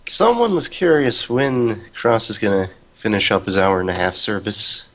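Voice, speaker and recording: Give me a mischievous man chatting as a podcast guest, with a bright, edgy voice. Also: on the low side, big pitch swings, normal speed, rough recording. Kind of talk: casual gaming chat.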